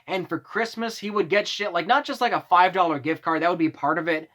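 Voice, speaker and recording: A man's voice: high-pitched, a little fast, a bit bright. A young man vlogging, telling workplace stories in a casual, exasperated rant full of swearing. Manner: profane, exasperated ranting.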